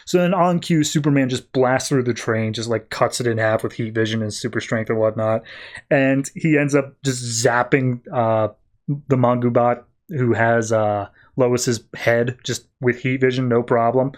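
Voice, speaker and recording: A man hosting a podcast, recapping comic books as quick, enthusiastic storytelling. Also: mid-range voice, steady tone. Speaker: podcast host. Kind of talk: casual comic book recap.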